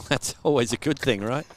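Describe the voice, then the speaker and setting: A man with an Australian accent doing casual live cricket commentary, joking and laughing often. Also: on the high side.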